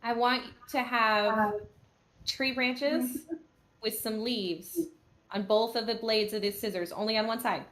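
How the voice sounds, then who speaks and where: Woman player, higher voice, polite and direct. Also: fairly even intonation, a little slow, fairly bright tone. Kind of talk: playing a tabletop game.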